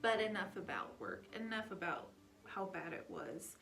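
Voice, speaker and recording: A woman's voice: medium pitch, lively intonation, moderate pace, a bit bright, faint music behind. A young adult woman telling a family story in a casual, chatty vlog style, full of filler words. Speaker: vlogger.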